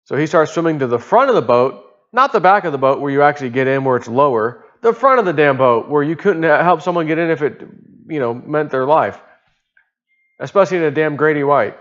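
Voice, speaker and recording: A man's voice: a little high, animated, a little fast, fairly bright tone, highs cut off. A man telling a personal story in a casual monologue, rambling, chuckling and swearing offhandedly. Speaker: vlogger.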